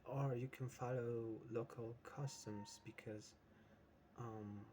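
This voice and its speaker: A man's voice: mid-range voice, fairly even intonation, takes it slowly, warm tone, slight background noise. A man teaching an English lesson who explains with many examples and keeps checking in with "right?". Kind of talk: slow, patient English lesson.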